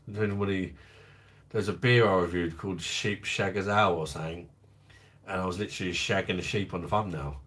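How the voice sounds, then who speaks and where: A man's voice: on the low side, fairly bright tone. A man hosting a casual livestream, chatting in a jokey way, laughing often and reading out and answering viewer comments. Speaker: livestream host of a beer review channel.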